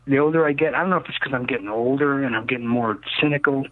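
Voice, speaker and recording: This is an older man in his sixties, heard over a narrow, phone-like line with a dry sound. He tells long, winding stories as a guest, emphatic and cynical. He keeps punctuating them with "okay?" and "you know," and his pitch sits in an ordinary middle range. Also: fast talker, dry recording. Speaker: rocket builder interviewed as guest. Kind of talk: casual rambling storytelling interview.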